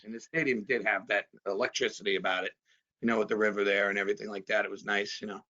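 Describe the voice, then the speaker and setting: A man in his fifties from New Jersey, a former pitcher, rambling through memories in a casual chat full of fillers. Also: level tone, fast, sharp tone. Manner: rambling, many fillers, chuckles often. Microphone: video call. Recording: dull video-call audio.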